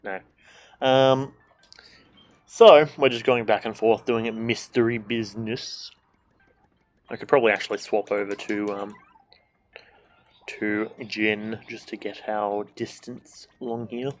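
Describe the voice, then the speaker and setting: A man's voice: on the low side, steady tone, unhurried, long pauses, a little hiss or hum. A man streaming a game, chatting casually, joking and swearing, and reading the game's dialogue aloud. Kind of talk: casual gameplay commentary.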